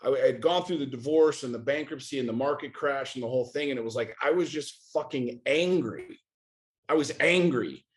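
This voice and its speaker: A middle-aged man from the US, guesting on a podcast, talks briskly in a medium-pitched voice. His candid interview talk is intense, peppered with swearing and a stream of rhetorical questions.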